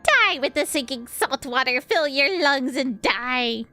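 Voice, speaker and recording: A vengeful drowned ghost girl, voiced by a woman reading a game aloud, hissing slow curses in a raised, pointed tone. Soft game music runs behind her. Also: high-pitched, expressive, full character voice. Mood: menacing.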